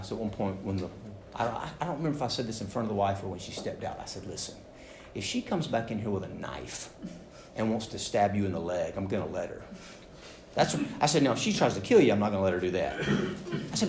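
Man, pastor preaching, lowish voice, echoey sanctuary. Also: slight background noise. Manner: animated, acts out quoted voices. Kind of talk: sermon. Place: church sanctuary. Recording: roomy church echo.

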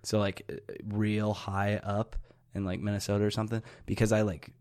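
A young man in his student years, co-hosting a podcast in casual chat with a dry, low-key delivery. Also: little pitch movement, normal speed, a little mellow, clear, resonant tone, no room sound. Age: young adult. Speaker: podcast co-host.

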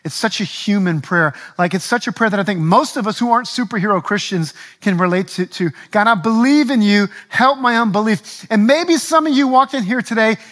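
A man with a notably high voice preaches a sermon to his congregation. He swings between quiet, tender passages and surging, emphatic appeals, repeating his key lines and urging the room on with "come on". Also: lively intonation, fairly quick, hardly any pauses. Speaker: pastor. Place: church.

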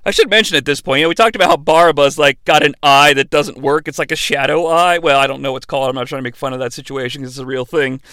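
A man hosting a comedic movie recap, talking in a profane, animated and sarcastic way. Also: fairly high pitch, fast, few pauses, clean tone, no room sound. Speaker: host.

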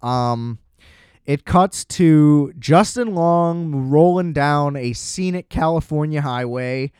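A man's voice: a little high, a little mellow, clear, resonant tone, no room sound, clean studio sound. A man casually recapping a film plot in a loose, chatty way, full of "like" fillers and blunt swearing. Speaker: film reviewer.

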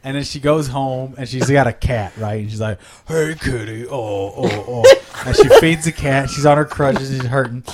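A man's voice: mid-range voice, brisk, few pauses, slight background noise. A man chatting casually as a podcast co-host, rambling through silly made-up stories, often laughing at himself. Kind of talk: casual chat.

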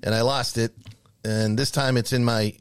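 A man's voice: medium pitch, steady tone, normal speed, clear, resonant tone, no echo. A man co-hosting a sports podcast, talking in a rambling, dry way. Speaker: podcast co-host. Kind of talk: casual podcast banter.

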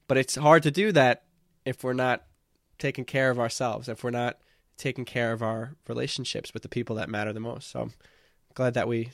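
Brief: encouraging male podcast host, mid-pitched, close and dry. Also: steady tone, a little fast, creaky, fairly bright tone, dry recording. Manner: earnest, encouraging, repeats words while thinking. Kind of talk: casual podcast conversation.

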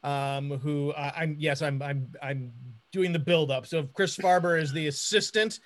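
A man's voice: on the high side, steady tone, a little slow. A man co-hosting a casual podcast, recapping a TV episode with many restarts and laughs. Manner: hesitant, full of restarts and laughs. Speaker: podcast co-host.

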